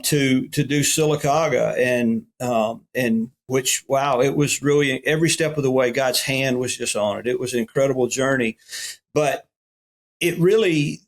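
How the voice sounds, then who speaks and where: A middle-aged man with a Southern US accent, a pastor telling folksy stories in a podcast interview. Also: medium pitch. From Alabama. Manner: folksy, animated when quoting others.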